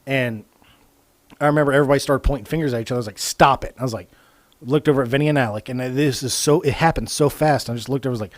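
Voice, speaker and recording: Rapid-fire and without echo, a man's medium-pitched voice comes through a studio microphone as he hosts a relaxed podcast. His storytelling is animated and full of swearing, with quoted lines acted out.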